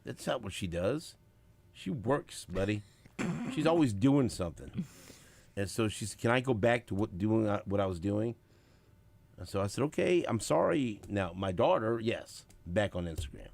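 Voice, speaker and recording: A man hosting a sports radio show, talking casually with big swings between loud bursts and quiet asides, acting out what others said. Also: lowish voice, normal speed, dry recording. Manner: animated, swings loud and quiet, acts out quotes. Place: radio studio. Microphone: studio microphone.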